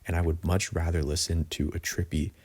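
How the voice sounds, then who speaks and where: A man's voice: low voice, level tone, a little fast, a little mellow, slightly rough. A young man reviewing music in a casual, opinionated way, blunt and full of "like". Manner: opinionated, blunt, says "like" often. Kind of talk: casual album ranking review.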